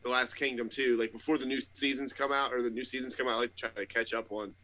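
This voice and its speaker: A man's voice: medium pitch, flat delivery, fast, background noise. A man on a casual podcast, rambling and complaining in profane, loose talk. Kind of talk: casual chat.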